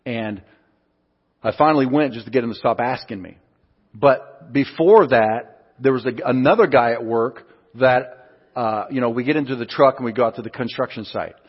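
Pastor with a husky voice, echoing hall. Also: male voice, mid-range voice, normal speed. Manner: storytelling with acted-out quotes. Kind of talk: sermon. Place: church hall. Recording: muffled sound in a reverberant hall.

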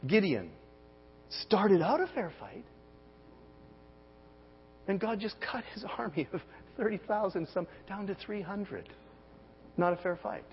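A man in his forties preaching a sermon, emphatic, with big swings in pitch and loudness and many rhetorical questions. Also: very animated, unhurried, pauses often. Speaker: pastor. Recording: dull sermon audio with long hall reverb and faint hum.

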